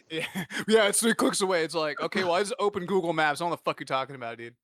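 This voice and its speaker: A man's voice: fairly high pitch, very fast, fairly bright tone, no room sound, studio quality. Crude, joking young man podcaster. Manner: crude, joking, puts on voices mid-story. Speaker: podcast co-host. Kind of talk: casual chat.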